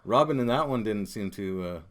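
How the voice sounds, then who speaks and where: A man co-hosting a casual chat, jokey and animated, often trailing off mid-sentence. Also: fairly low pitch, moderate pace. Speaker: co-host.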